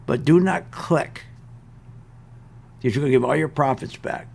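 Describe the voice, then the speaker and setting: The older investment show host here has a mid-range, creaky voice and an unhurried pace. Still, he rants with exasperated emphasis, using repetition to hammer each point in his market commentary.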